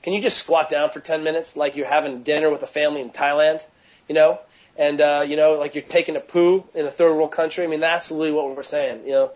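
A man's voice: fairly high pitch, level tone, brisk, dull audio. A man coaching athletes, talking casually and energetically in an interview, with lots of "you know" fillers and restarts. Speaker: mobility coach.

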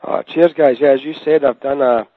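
A Scottish-accented man born in Scotland, a fitness trainer talking as a podcast guest in a relaxed, rambling way. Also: medium pitch, normal speed, heavy background noise. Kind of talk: casual podcast interview. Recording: dry, tinny phone line.

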